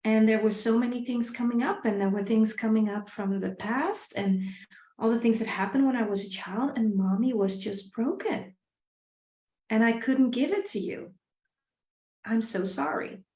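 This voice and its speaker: A middle-aged woman telling a personal story on a live stream, earnest and reflective, often repeating her phrases and sometimes dropping to a soft, quiet voice. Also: on the high side, moderate pace. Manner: drops to a soft, quiet voice at times. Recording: roomy echo.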